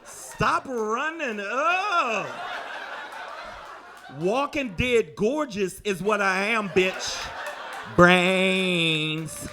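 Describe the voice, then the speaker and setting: A man voicing a vain, flamboyant male zombie in a slow, campy drawl. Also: high-pitched, animated, noisy background, heavily acted.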